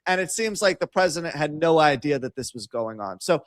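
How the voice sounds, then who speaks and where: A man's voice: a little high, lively intonation, fairly quick, dry recording. A man with a Brooklyn accent, co-hosting a casual political talk show, giving long, confident, opinionated explanations. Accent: New York, Brooklyn. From North Brooklyn, New York City. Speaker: co-host and producer.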